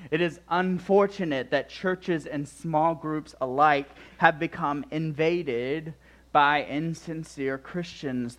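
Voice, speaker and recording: A young adult man preaching a sermon, emphatic, swinging between loud declarations and quiet asides. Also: on the high side.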